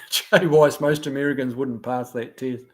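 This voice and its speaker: The host of a live stream, a New Zealand man, reads out his chat and answers casually and loosely, stumbling through many fillers and restarts. He speaks unhurriedly in a medium pitch with fairly even intonation.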